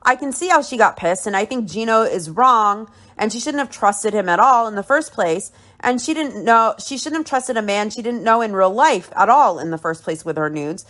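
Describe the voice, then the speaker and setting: A woman's voice: mid-range voice, animated, moderate pace, few pauses, a bit bright. Blunt, opinionated woman podcaster. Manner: blunt, opinionated, swears freely. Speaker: podcast host. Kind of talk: casual recap and commentary.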